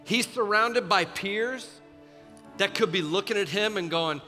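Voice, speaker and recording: A young man preaching to students as a youth pastor, telling the story in a casual, animated way with many fillers. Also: high-pitched, measured pace. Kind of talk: sermon. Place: church auditorium. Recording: large hall with long reverb, faint music.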